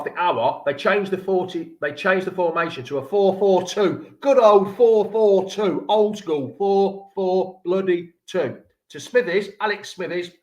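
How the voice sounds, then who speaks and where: Man, live-stream host, rambling banter, echoey room. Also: a little high. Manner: chatty, rambling, jokey banter with viewers. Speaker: fan channel livestream host. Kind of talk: casual live-stream chat reading viewer comments. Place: room at home.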